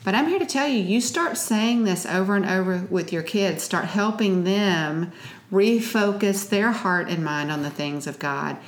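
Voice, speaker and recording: A woman's voice: mid-range voice, a little slow. A middle-aged woman co-hosting a Christian parenting podcast, speaking in an earnest, teaching way and quoting scripture. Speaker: co-host and parenting author. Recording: roomy echo.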